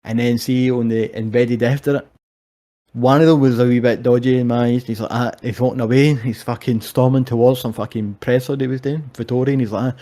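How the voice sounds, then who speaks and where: Scottish man, young adult, mellow low tone, swearing, animated storytelling, casual sports chat. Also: brisk. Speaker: co-host.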